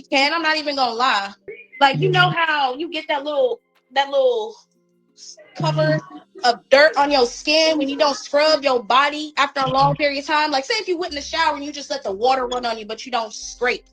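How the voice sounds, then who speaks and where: A woman's voice: sits high, fairly bright tone, poor audio. A woman from Northern Virginia giving casual gossip commentary, blunt and mocking, repeating phrases for emphasis. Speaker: commentary streamer.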